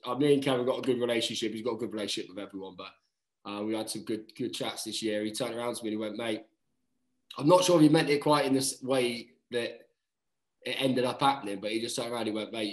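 Talking fast in a mid-range voice, a rugby player spins an animated story in casual chat, full of swearing, acted-out quotes, and "mate." The recording is rough and reverberant.

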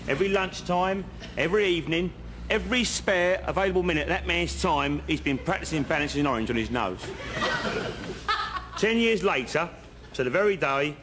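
An actor playing a working-class house painter who spins long pointless anecdotes in an earnest, chatty way, outdoors. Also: male voice, fairly high pitch, noisy background, lightly acted. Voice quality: chatty, earnest storyteller, leading asides. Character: rambling working-class male painter spinning pointless yarns. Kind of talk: comedy sketch acting. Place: outdoors on a bridge.

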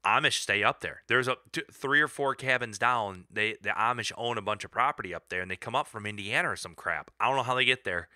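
A man's voice: fairly low pitch, fast talker, hardly any pauses, pushed and bright, dry recording, clean studio sound. A man co-hosting a podcast who tells a rambling, self-deprecating story and laughs often. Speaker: podcast co-host. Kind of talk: casual chat, storytelling.

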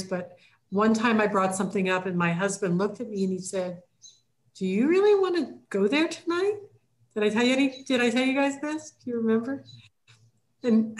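A woman leading a church class, talking in an easy conversational way. She acts out little quoted lines with sharp rises in pitch. Her voice carries an echoey room sound. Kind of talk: casual teaching talk.

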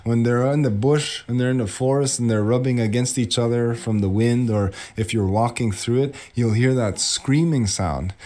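Animated man telling a plant story. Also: mid-range voice, moderate pace, hardly any pauses. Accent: Anishinaabe community English. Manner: animated, acts out quoted voices. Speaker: teacher. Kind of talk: casual storytelling lesson for children.

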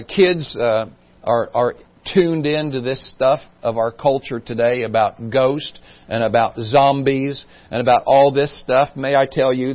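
A middle-aged male pastor preaching a sermon in a church, swinging between soft, quiet asides and loud, emphatic calls to the congregation. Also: medium pitch. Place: church sanctuary. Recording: dull lo-fi church recording.

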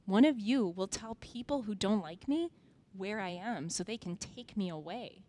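A woman reading the part of a gentle male spiritual teacher aloud to children, in a soft, simple storybook manner. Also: medium pitch, lively intonation, moderate pace, close to an everyday voice. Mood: gentle, solemn.

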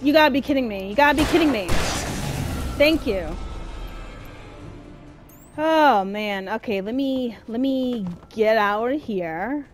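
A woman streaming a horror game, chatting and swearing, jumpy and quick to shout when chased. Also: fairly high pitch, faint music behind. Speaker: gameplay streamer. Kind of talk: casual let's-play commentary.

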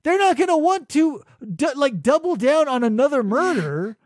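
A man's voice: very high-pitched, animated, normal speed, no room sound. A man co-hosting a casual comedy podcast, telling a story with dry, mock-logical reasoning. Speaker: podcast co-host.

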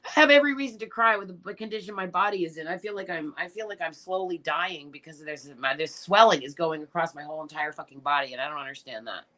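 A woman's voice: low-pitched, fast talker, bright, forceful tone. A middle-aged woman hosting a casual livestream, reading viewer comments and answering them in a blunt, emotional way with plenty of swearing. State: tearful at times. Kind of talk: casual live chat.

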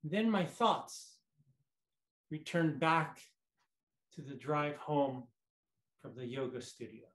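A man tells a personal story as a prepared contest speech. He speaks slowly, in short phrases broken by deliberate pauses. His pitch swings widely from line to line. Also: lively intonation, fairly bright tone. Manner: storytelling, reflective. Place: online conference.

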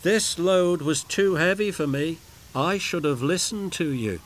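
A man's voice: fairly high pitch, lively intonation, unhurried, a little hiss or hum, voice pushed up. A man voicing an eager little male tank engine, puffing and earnest, in a storybook reading. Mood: strained.

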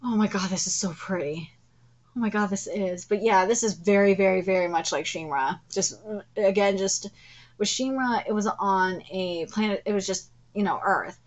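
A woman streaming a casual live reaction to a comic, excitable and profane, trailing off into fillers. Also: mid-range voice, normal speed.

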